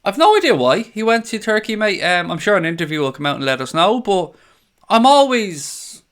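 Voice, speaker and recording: A man's voice: sits high, very animated, moderate pace, a bit bright. A young Irish man hosting a live fan stream, chatting casually, blunt and sweary, reading out viewers' comments. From Ireland. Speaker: fan channel host reading live chat.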